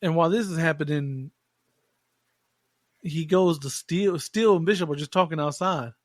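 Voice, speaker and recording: A man co-hosting a podcast and retelling film scenes in an easy, slangy way. His voice sits a little high, and the recording is dry and close. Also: normal speed, no room sound. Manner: relaxed, plot-focused, slangy. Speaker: podcast co-host. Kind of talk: casual film recap chat.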